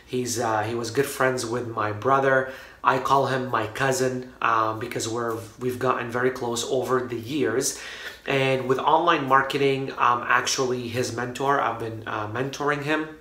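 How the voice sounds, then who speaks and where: A man speaks to his viewers from his office in a loose, rambling way, full of fillers and restarts. His voice is bright and forward. The room adds a noticeable echo around him. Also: medium pitch. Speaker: online marketing vlogger. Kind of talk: casual vlog talk to camera. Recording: roomy echo.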